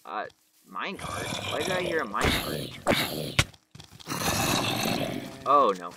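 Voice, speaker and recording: A man giving casual gameplay commentary, jumpy and exclaiming at danger, his voice cracking when he yells. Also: lowish voice, wildly swooping pitch, slow pace, vocal fry, long pauses, heavy background noise. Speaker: gameplay video host.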